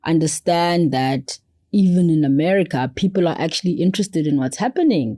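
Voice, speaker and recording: A South African woman in her thirties, a podcast guest telling stories in an animated, conversational way and acting out quotes. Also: low voice, no echo, clean studio sound. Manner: expressive, acts out quotes with playful voices. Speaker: podcast guest, foundation CEO.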